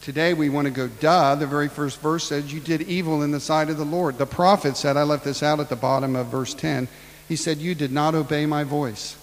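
Man, pastor, sermon, gravelly, acts out dialogue, reverberant hall. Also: on the high side, fairly even intonation, a little fast, a little hiss or hum. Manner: preaching with acted-out Bible dialogue, rising and falling in volume.

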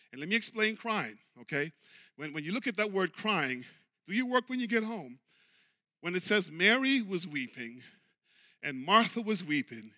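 A pastor preaching a sermon with passion, calling out to the congregation and moving between shouting and hushed, low talk. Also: male voice. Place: church sanctuary. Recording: long hall reverb.

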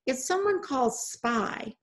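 A woman's voice: a little high, animated, moderate pace, a little mellow, voice pushed up. A woman reading aloud, voicing an eager, determined young girl in a children's storybook.

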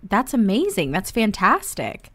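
A woman's voice: medium pitch, wildly swooping pitch, unhurried, a bit bright, no echo, full character voice. A woman voicing a loving husband who encourages his wife, in her own everyday voice.

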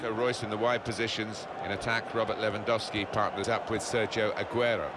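A man voicing the built-in match commentator of a football video game, calling the play in a measured broadcast manner. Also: fairly low pitch, little pitch movement, soft background music, close to an everyday voice. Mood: calm. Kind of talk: sports commentary. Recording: faint game audio under loud crowd noise.

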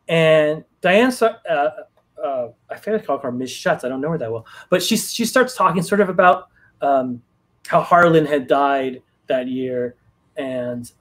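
A man on a video call telling a long story casually, with many fillers and restarts. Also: fairly high pitch. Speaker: guest writer.

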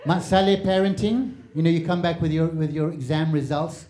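A man's voice: fairly high pitch, fairly even intonation, brisk, background noise. A man, doing chatty, self-mocking stand-up comedy. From Malaysia. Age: 40s.

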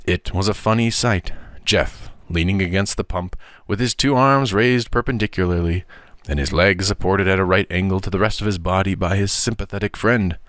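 A man narrating an audiobook of a children's story in an expressive storybook manner. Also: low voice, normal speed, no room sound, clean studio sound.

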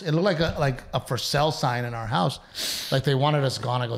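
A man in his thirties co-hosts a relaxed podcast with his wife. He tells stories with plenty of energy, slipping into the voices of the people he quotes and swearing as he goes. His voice sits at an ordinary middle pitch. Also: moderate pace. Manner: animated storytelling, acts out quotes, swears freely. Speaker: podcast co-host. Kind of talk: casual banter with his wife.

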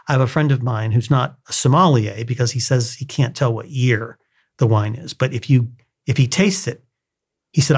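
A man of middle pitch co-hosts a casual podcast about a novel. He reads long passages aloud and breaks off into friendly anecdotes. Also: normal speed, slightly rough. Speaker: podcast co-host. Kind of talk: casual book discussion with read-aloud passages.

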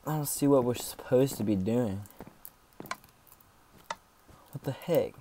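A gaming YouTuber with a mellow, mid-range voice at normal speed provides let's play commentary, joking around and yelping in mock panic whenever something goes wrong. A little hiss or hum sits under the recording.

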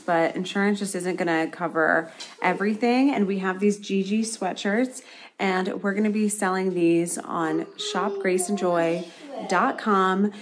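Earnest woman vlog host. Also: slight background noise. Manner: earnest, thanks viewers and pitches merchandise. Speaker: YouTube host. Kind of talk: casual family vlog.

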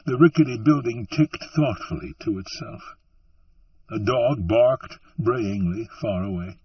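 A man reading an audiobook in a measured, dramatic narration, heard as a dull, distant recording. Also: on the low side, breathy edge, no echo.

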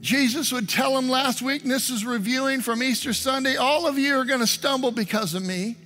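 Bright high-voiced preaching pastor. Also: male voice, fairly quick. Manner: earnest preaching with prayerful asides. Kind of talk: sermon. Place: church. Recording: online service stream with music.

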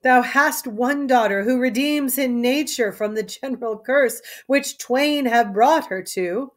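A woman reading aloud as a formal, earnest gentleman of the court. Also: fairly high pitch, a little slow, voice pushed up, lightly acted. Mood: solemn.

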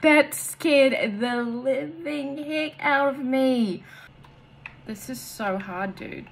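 A female gaming streamer offers nervous horror-game commentary, jumping from whispers to shrieks. Her voice sits high and creaky, and she speaks very slowly.

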